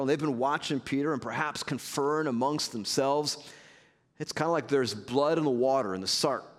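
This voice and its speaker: A man preaching a sermon as pastor, earnest and measured with conversational asides. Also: on the high side, long reverb tail.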